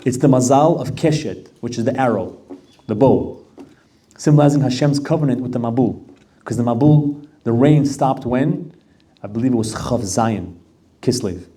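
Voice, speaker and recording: A man's voice: medium pitch, moderate pace, long pauses, dark tone, recorded from a distance. A man giving a Torah class with storytelling, earnest and repeating words for emphasis.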